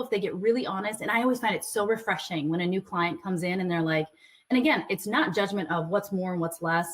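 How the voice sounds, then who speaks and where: A woman business coach giving a conversational talk to a group, earnest with playful asides. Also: medium pitch.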